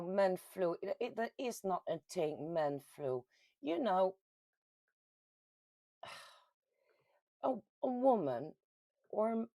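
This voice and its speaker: A woman from the Netherlands with a Dutch accent hosts a casual livestream, reading out viewer comments in a chatty, giggly way with sudden lively jumps in pitch. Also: no room sound. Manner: chatty and giggly, with frequent laughs and ums. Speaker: host of a paranormal community livestream.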